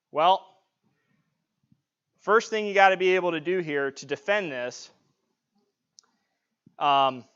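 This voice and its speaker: High-voiced man teaching a self-defense class. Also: a bit bright. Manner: casual demonstrating, frequent "right?" checks. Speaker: martial arts instructor. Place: martial arts studio. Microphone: clip-on mic, sometimes knocked off. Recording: dull lo-fi livestream audio.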